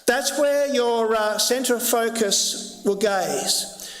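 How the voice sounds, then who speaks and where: A man's voice: extremely high pitch, slow pace, fairly bright tone. A man preaching a sermon as pastor, earnest and emphatic, with lots of repetition. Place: church sanctuary. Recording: echoey church hall reverb.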